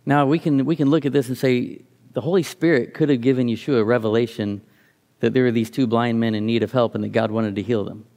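A man's voice: mid-range voice, steady tone, fairly quick, a little mellow. A middle-aged man giving a reflective sermon, reading scripture aloud and often restarting his phrases. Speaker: preacher.

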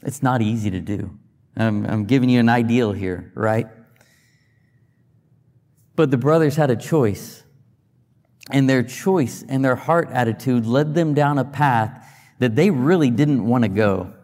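A man's voice: mid-range voice, a little slow, pauses often, darkish tone, long reverb tail. A man giving a sermon as a pastor, teaching conversationally with rhetorical questions and restarts. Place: church sanctuary.

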